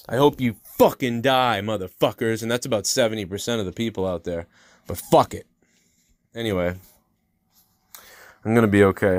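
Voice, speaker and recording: A man in his thirties rants on his own podcast, cursing nonstop and climbing into shouted outbursts. His voice sits at a middle pitch. It is recorded close and dry, with no room sound around it. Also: dry recording. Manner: angry, swearing nonstop, rising to loud outbursts. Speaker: podcast host. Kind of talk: profane solo rant.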